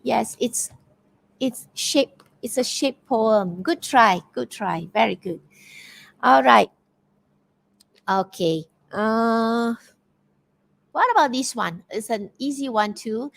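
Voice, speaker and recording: A woman's voice: fairly high pitch, lively intonation, takes it slowly, vocal fry, long pauses, low-quality recording. A woman with a Malaysian English accent, leading an online poetry quiz as teacher, encouraging and praising answers with many fillers and restarts. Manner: filler-heavy, hesitant restarts. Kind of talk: interactive online workshop talk.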